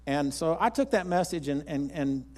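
A man's voice: fairly high pitch, expressive, normal speed, darkish tone. Folksy preacher man. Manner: folksy, rambling with restarts. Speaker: pastor. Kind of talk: sermon with storytelling.

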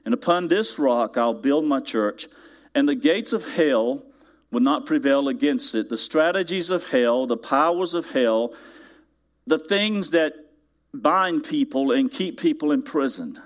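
This pastor's voice sits on the high side, and he takes his time as he preaches a church sermon. He tells a lively story that swells into loud, emphatic moments, asking the congregation rhetorical questions along the way.

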